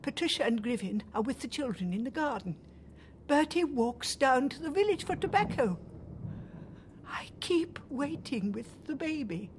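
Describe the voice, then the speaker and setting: A woman's voice: high voice, slight background noise. An actress playing a spirited older woman in a radio drama, talking with passion and sweeping emphasis. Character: spirited older woman recalling a bitter old love.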